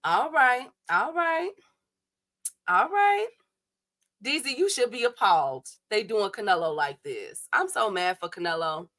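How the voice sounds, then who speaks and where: Young woman streamer, bright voice, animated slangy rant to her viewers. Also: mid-range voice, normal speed, few pauses. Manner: animated, talks straight to her chat viewers, blunt and slangy. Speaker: boxing livestream host. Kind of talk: casual livestream rant.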